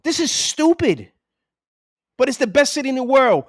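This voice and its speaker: A man's voice: very high voice, sing-song, moderate pace, dry recording, studio quality. A New man in his forties ranting profanely and with exasperation as a podcast co-host. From New York City. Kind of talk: casual chat.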